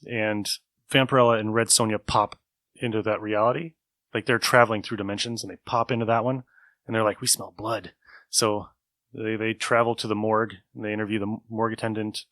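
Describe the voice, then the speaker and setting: A man co-hosting a comic book podcast, relaxed and laid-back as he tells what he read. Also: lowish voice, brisk, no echo. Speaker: podcast co-host reviewing comics. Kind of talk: casual chat.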